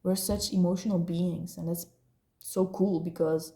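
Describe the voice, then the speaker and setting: A woman's voice: on the low side, steady tone, measured pace, mellow, reverberant. A woman giving a casual spiritual reading, rambling and laughing, dropping slang like "bruh" and "eh". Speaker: tarot reader.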